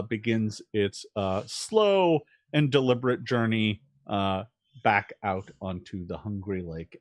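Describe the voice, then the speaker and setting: A man's voice: medium pitch, no echo, clean studio sound. A man narrating a tabletop game as game master, describing scenes with frequent fillers and restarts. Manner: descriptive, halting with many fillers.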